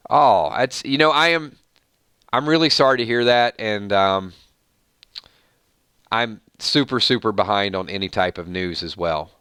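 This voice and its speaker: A man hosting a casual livestream, chatting loosely and rattling off supporters' names with quick thank-yous. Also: on the low side, a bit bright, clear, resonant tone, no echo, clean studio sound. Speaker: livestream host.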